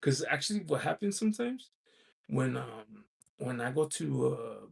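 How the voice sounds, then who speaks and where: A man hosting a loose livestream chat, with a gravelly, creaky edge to his voice. His tone is husky rather than clean. He rambles along, peppering his talk with "you know" and little chuckles as he reads viewer comments. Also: medium pitch, very animated, a little slow. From United States. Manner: chuckles often while talking.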